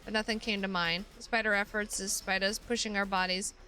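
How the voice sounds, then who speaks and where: A woman's voice: medium pitch, level tone, fairly quick, bright, forceful tone. A woman streamer reading a visual novel aloud, breaking off into casual, sweary asides.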